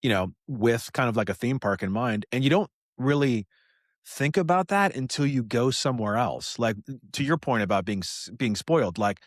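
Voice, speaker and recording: A man's voice: medium pitch, animated, normal speed, no room sound, studio quality. An American man co-hosting a casual podcast, rambling and repeating himself with lots of "you know" and "dude". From United States. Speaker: podcast co-host. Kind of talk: casual chat.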